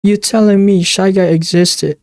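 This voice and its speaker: A man's voice: high voice, steady tone, unhurried, darkish tone, no echo, studio quality. A man reacting to a video with casual, slangy asides as the host.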